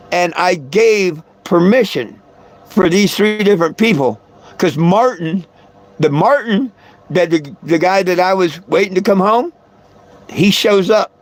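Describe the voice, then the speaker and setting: A man hosting a live stream, telling a long story in a rambling way and repeating his words. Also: high-pitched. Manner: rambling, repeats words, chuckles between lines. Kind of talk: casual storytelling to viewers.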